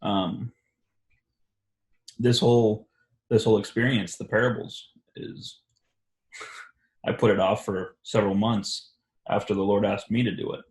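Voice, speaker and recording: A man hosting a reflective religious discussion, speaking haltingly with many restarts and fillers. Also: lowish voice, steady tone, a little mellow. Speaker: discussion host. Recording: echoey room.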